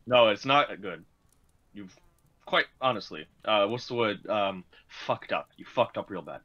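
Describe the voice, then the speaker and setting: A man's voice: fairly low pitch, animated, a little slow, sharp tone, highs cut off. A man bluntly joking as a player in a casual tabletop game.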